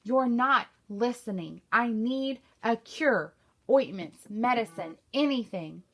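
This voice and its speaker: A woman reading a novel aloud, voicing a distraught gentleman who speaks in a strained, stammering, pleading way. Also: a little high, normal speed, natural voice. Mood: desperate. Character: distraught grieving gentleman, master of the house.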